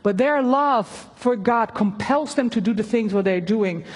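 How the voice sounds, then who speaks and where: A woman preaching a sermon and reading a story aloud, earnest and halting, with fillers. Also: a little high, breathy edge, big-room sound.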